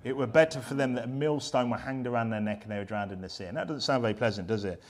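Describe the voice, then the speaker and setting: A man's voice: medium pitch, fast. A man preaching a sermon in a church, emphatic and fiery, firing off rhetorical questions.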